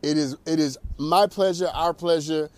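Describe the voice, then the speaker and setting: A man hosting a talk show, delivering an animated, preacherly monologue. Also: a little high, normal speed. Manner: animated, preacherly, laughs at own jokes. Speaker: host.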